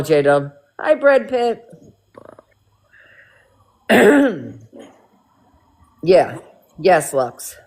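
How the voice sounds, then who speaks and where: A woman's voice: medium pitch, wildly swooping pitch, slow pace, pauses often. A woman in her fifties hosting a casual live stream chat, talkative and reassuring, calling her guests honey. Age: 50s. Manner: chatty, reassuring, calls people honey.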